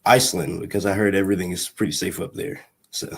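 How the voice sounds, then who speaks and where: A teenage young man, a high school athlete giving short, polite answers in an interview. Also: steady tone, quick pace, creaky, slightly rough. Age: teens. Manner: polite, brief, soft-spoken answers. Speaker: guest, high school running back.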